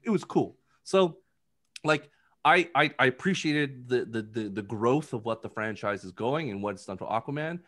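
A man in a casual podcast chat, rambling through his take on a film with a steady stream of filler words. He talks at an ordinary middle pitch and keeps breaking into quick impressions as he goes. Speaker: podcast co-host. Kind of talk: casual movie review chat.

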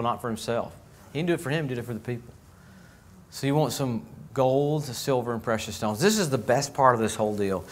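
A man preaching a lively, joking sermon as pastor of a church, acting out little voices as he goes. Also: mid-range voice. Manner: animated, jokey, acts out voices.

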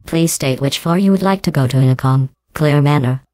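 A synthetic woman's voice playing a calm, polite voice-recognition elevator that keeps asking to repeat. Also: deep voice, fairly quick, dry recording. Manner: calm, prim, repetitive. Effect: text-to-speech voice.

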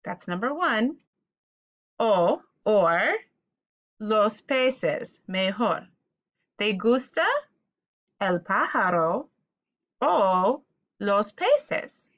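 Slow, patient woman teaching vocabulary. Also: mid-range voice, animated, a bit bright. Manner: patient, repeats each word for the listener to echo. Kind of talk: vocabulary lesson for children.

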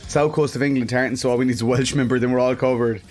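A man's voice: mid-range voice, steady tone, rapid-fire, a little mellow, faint music behind. An Irish man chatting casually on a live game stream, greeting viewers by name, laughing often and swearing freely. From Ireland.

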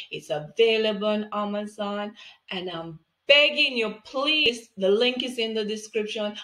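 A woman teaching reading with phonics, speaking slowly and clearly in an encouraging way. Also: mid-range voice, fairly bright tone, echoey room. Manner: slow, enunciated, encouraging. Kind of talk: phonics tutorial for parents.

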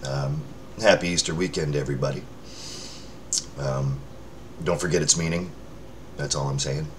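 Speaking at a moderate pace with fairly even intonation, a bass-voiced man rambles to the camera as he checks in with his followers. His talk is self-mocking and casual, peppered with filler words and false starts. He's indoors under a lamp by a window, and the background is noisy.

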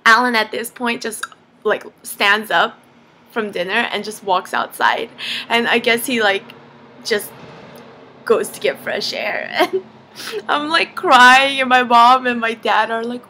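A young woman vlogger telling a story to camera, animated and laughing as she acts out quotes. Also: fairly high pitch, a little slow, a little hiss or hum. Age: young adult.

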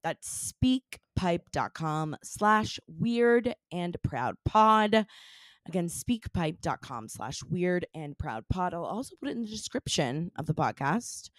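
A woman's voice: low-pitched, no room sound, studio quality. A woman co-hosting a podcast, chatting casually and playfully, with lots of fillers. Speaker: podcast co-host. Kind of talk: casual chat.

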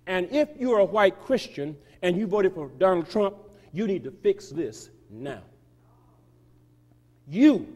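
Male pastor, high voice, emphatic sermon delivery, long church-hall reverb. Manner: emphatic, sweeping shifts of loudness and pace. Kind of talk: sermon reading a quoted article aloud. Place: church sanctuary.

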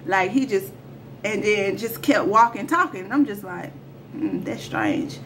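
Animated woman telling a story. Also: medium pitch, normal speed, a little hiss or hum. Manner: animated, slangy storytelling addressing viewers. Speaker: storyteller vlogger. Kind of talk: casual storytime vlog.

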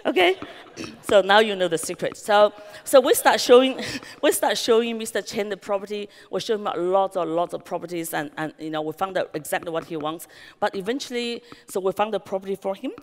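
A woman with a Chinese accent, a real estate business founder telling her story at a conference with lively anecdotes, acted quotes and many "you know" fillers. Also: mid-range voice, fairly quick. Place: large conference hall. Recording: long reverb of a large hall.

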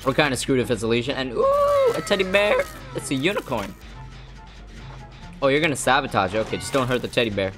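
A hyper, excitable young man giving gameplay commentary as a streamer and swearing often. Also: mid-range voice, fast talker, pauses often, music in the background. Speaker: gaming streamer.

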